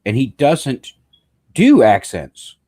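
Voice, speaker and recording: A man's voice: medium pitch, wildly swooping pitch, slow, warm tone. A man as a guest on a casual movie review chat, hesitant with many ums and false starts.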